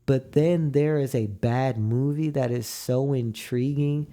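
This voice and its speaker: A man's voice: medium pitch, unhurried, mellow. A young man co-hosting a podcast in casual chat, laid-back and drawn out, acting out quotes as he tells a story. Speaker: podcast co-host.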